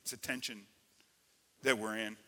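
A man preaching a sermon as pastor, energetic and full of call-and-response to the congregation. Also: on the low side, moderate pace, in a large hall. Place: church sanctuary.

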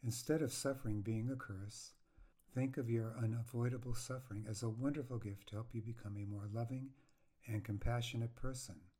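A frank, caring woman friend gives hard counsel, stern yet gentle in her coaxing, as a man reads her lines aloud. The voice sits at a middle pitch and moves at a slow, even reading pace. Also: lightly acted.

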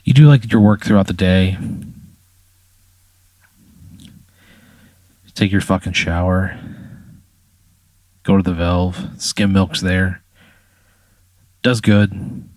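A man's voice: sits low, steady tone, slow, pauses often, a little mellow, no room sound. A man spinning an improvised story in a loose, casual way, swearing and saying "like" and "you know" a lot. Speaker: podcast storyteller.

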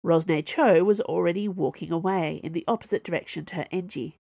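A woman reading a science-fiction adventure novel aloud as an audiobook narrator, expressive and varied. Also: lowish voice, a little fast, vocal fry, no echo. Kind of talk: scripted narration.

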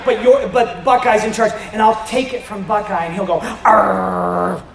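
High-voiced man in his fifties preaching. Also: brisk, crowd noise. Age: 50s. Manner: animated, rising to emphatic shouts with joking asides. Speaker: pastor. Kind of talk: sermon. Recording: roomy echo.

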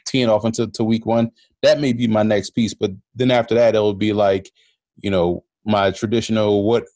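A man as a podcast guest giving casual sports analysis, measured and repeating words as he thinks. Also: lowish voice, a little mellow, no echo.

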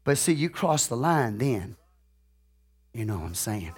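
A male pastor, preaching live to a congregation in a folksy, conversational way that often checks in with the room. He tells stories animatedly, swinging between loud outbursts and quieter asides. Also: mid-range voice, unhurried, breathy edge. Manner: animated storytelling with big swings in loudness and sudden outbursts.

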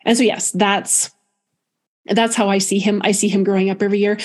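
A woman speaking as a guest medium, telling a personal story softly and thoughtfully. Her voice sits at an ordinary middle pitch, and she often pauses and starts her sentences again. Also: flat delivery. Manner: halting, many restarts, soft and reflective.

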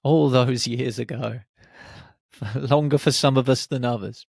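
A man hosting a reflective solo podcast, speaking in short, unhurried phrases. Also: mid-range voice, steady tone, gravelly, darkish tone, husky, no room sound, clean studio sound. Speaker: podcast host.

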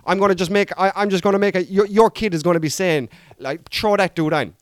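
An Irish man riffs through a casual comic monologue, rambling and poking fun at himself. His voice sits a touch high for a man. The sound is dry and close to the mic. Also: fast talker, no echo. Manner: rambling, self-mocking, chatty asides. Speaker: podcast host.

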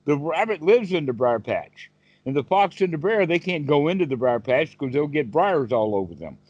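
A man's voice: a little high, very animated, moderate pace, darkish tone, no echo. A man teaching as a dharma teacher, telling a folk tale in a folksy, rambling way with many fillers on a video call. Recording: dull, dry video call audio.

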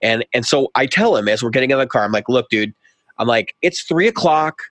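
A man's voice: medium pitch, fairly even intonation, fast, fairly bright tone, dry recording. A middle-aged man co-hosting a casual podcast, animatedly acting out both sides of a conversation as he tells a story. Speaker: podcast co-host.

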